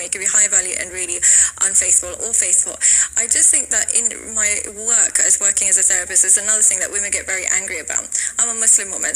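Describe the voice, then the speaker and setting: A woman's voice: medium pitch, sharp tone, a little hiss or hum, poor audio. A woman therapist speaking frankly and emphatically in an interview clip, acting out what her clients said. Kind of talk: opinionated interview talk.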